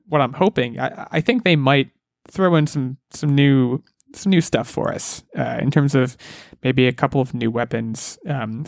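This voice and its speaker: A man's voice: mid-range voice, creaky, no echo, studio quality. A man co-hosting a casual podcast, talking eagerly and rambling with restarts. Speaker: podcast co-host, game expert.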